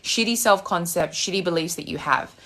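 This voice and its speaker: A woman's voice: lowish voice, brisk, fairly bright tone. A young Australian woman, a manifestation coach, ranting bluntly on a live stream and swearing freely. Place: home with loud birds outside.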